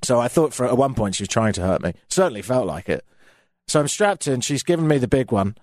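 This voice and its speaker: British guy radio host, lively up-and-down voice, dry studio sound, joking about himself. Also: medium pitch, fast, dry recording. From Britain. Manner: self-mocking, animated storytelling. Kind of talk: comic storytelling monologue.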